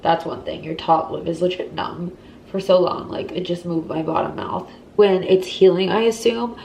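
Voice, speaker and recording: A woman's voice: fairly low pitch, fairly even intonation, moderate pace, gravelly, a little mellow, a little hiss or hum. A young woman in her twenties, congested and talking strangely, chatting casually in a recovery vlog with lots of "like". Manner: chatty, lots of "like", dips into whispers. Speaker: vlogger.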